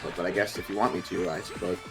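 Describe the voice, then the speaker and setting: A young man streaming and chatting casually, telling lively stories, laughing often and swearing freely. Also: deep voice, quick pace, music in the background. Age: young adult. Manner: animated storyteller who laughs a lot, swears. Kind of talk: casual chat.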